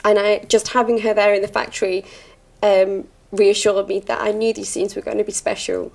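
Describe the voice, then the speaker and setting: A woman actor, reflecting in a heartfelt, soft-spoken way during a farewell interview. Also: mid-range voice, flat delivery, normal speed, gravelly.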